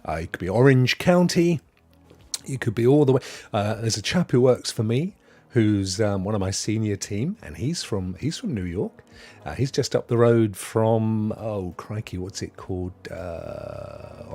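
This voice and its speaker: A man's voice: on the low side, a little mellow, breathy edge. A British man in his fifties hosting a live stream, chatting casually and greeting viewers by name. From United Kingdom.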